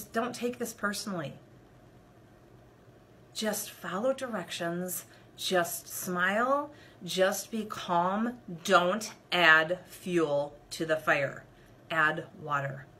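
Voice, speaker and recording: A woman coach telling a personal story straight to her viewers, animated and expressive, speaking to them directly. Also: lowish voice, slow, slight background noise. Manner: addresses viewers directly as "you guys". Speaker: leadership coach. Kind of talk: personal story told to camera.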